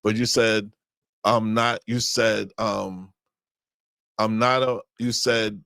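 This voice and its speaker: A man's voice: fairly low pitch, level tone, takes it slowly, vocal fry, pauses often, a bit bright, no room sound, clean studio sound. A man co-hosting a marriage podcast in casual chat, easygoing, often stopping and restarting his sentences. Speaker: podcast co-host.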